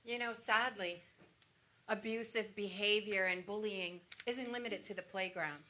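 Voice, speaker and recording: An actress playing a wounded woman patient on stage who recalls cruel nurses, teary and halting with flashes of wry humor. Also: mid-range voice, sharp tone, a little hiss or hum. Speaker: stage actor playing a breast cancer patient. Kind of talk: theatrical monologue.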